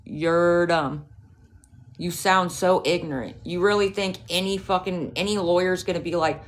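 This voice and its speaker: A woman's voice: on the low side, steady tone, measured pace. A woman livestreaming, talking back to her chat in a profane, confrontational, scolding rant.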